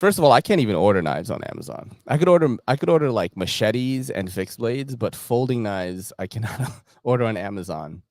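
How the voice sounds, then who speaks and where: This is a laid-back man hosting his own show. He swears freely and chuckles as he talks, and his pitch rises and falls a lot. His voice sounds dry and close to the mic. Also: lively intonation, a little fast, few pauses, darkish tone, no room sound. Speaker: podcast host. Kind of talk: casual show chat.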